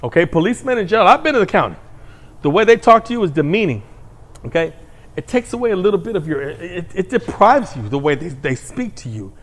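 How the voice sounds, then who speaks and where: A man's voice: sits high, big pitch swings, quick pace. A man hosting his own commentary show, ranting in a blunt, heated, crude monologue. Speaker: commentary host.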